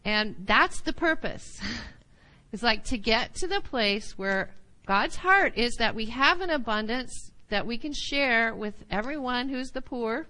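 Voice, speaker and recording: A woman teaching a Bible study class, animated, often checking in with her listeners. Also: on the high side, poor audio.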